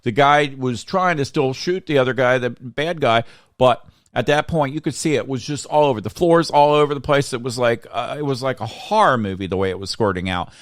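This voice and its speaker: Male host from Florida, heated and ranting; mid-pitched, dry close mic. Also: a little fast, no echo. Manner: heated, ranting, repeats himself. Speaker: show host. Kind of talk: casual political talk.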